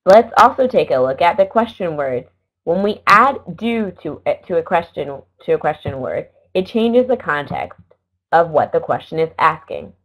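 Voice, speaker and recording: A middle-aged woman teaching an English lesson, explaining slowly and carefully and correcting herself now and then. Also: lowish voice, very animated, fairly bright tone. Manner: slow, careful explaining with small self-corrections. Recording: dull lo-fi recording.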